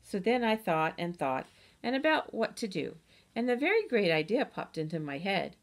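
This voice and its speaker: A woman reads a storybook aloud as an audiobook, voicing a chatty, boastful kindergarten girl who tells her own story with lively, childlike grammar. Her voice is mid-range and her speed normal.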